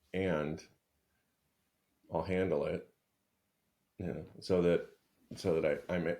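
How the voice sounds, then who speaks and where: A man's voice: low-pitched, a little mellow. A man co-hosting a podcast, talking reflectively and often repeating words as he works out his thoughts. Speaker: podcast co-host. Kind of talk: casual podcast conversation.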